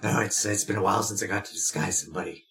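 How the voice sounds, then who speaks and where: A man's voice: fairly low pitch, steady tone, very fast, sharp tone. An enthusiastic, joking man playing in a casual tabletop game. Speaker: player.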